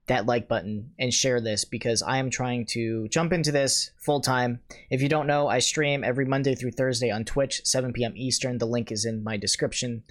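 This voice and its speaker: A man hosting a casual reaction video, reacting with dry, sarcastic asides and sometimes trailing off or restarting when unsure. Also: medium pitch.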